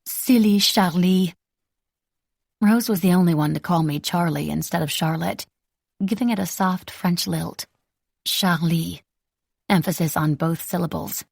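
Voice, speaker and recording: A woman reading a novel aloud in the first person, with wry, measured storytelling. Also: fairly low pitch, creaky, a little mellow, slightly rough, no room sound, clean studio sound. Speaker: audiobook narrator.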